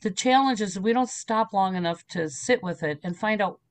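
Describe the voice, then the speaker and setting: A middle-aged spiritual medium tells stories and teaches during a casual interview, animatedly acting out little voices along the way. Her voice is mid-range and her pace normal.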